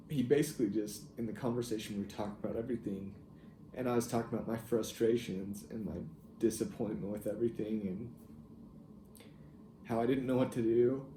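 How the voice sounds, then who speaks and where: Young man recounting a family memory; low, warm, hesitant delivery in a roomy space. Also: steady tone, a little hiss or hum. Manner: reflective, halting, with soft laughs. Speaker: grandson telling a family story. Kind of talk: casual personal storytelling. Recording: echoey room with faint ambience.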